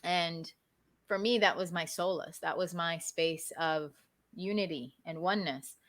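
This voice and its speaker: A woman speaks as a guest in a casual interview, her voice sitting a little low. She tells her story in an animated way and keeps checking in with "right?". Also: measured pace. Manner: animated, often adds "right?".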